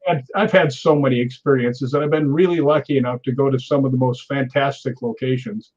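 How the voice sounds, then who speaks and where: A man's voice: mid-range voice, fairly even intonation, a little fast, darkish tone, dull audio. A man in his sixties, a stuntman and interview guest, telling stories animatedly, acting out quotes and laughing often. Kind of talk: storytelling interview.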